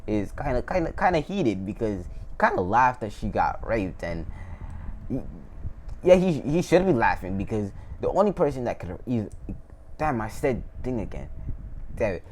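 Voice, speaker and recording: A man's voice: medium pitch, sing-song, moderate pace, a little hiss or hum. A man casually retelling a fan story, rambling, laughing often and correcting himself as he goes.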